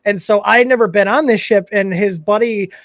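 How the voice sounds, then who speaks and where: A man's voice: sits high, a little fast, fairly bright tone, no echo. A man in his thirties hosting a livestream, chatting casually and laid-back with lots of filler words and swearing. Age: 30s. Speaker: podcast host.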